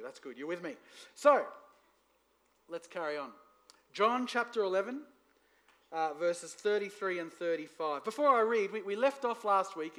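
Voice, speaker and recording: A man preaching to a church congregation, lively, asking the room for responses. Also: fairly high pitch. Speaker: pastor. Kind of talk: sermon.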